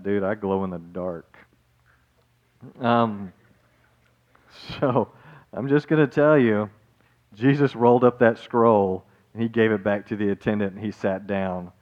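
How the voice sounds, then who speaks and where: A man preaching a sermon in a casual, animated way, calling his listeners guys and folks, swinging between loud and soft. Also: lowish voice, a little slow, long pauses, muffled recording. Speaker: pastor.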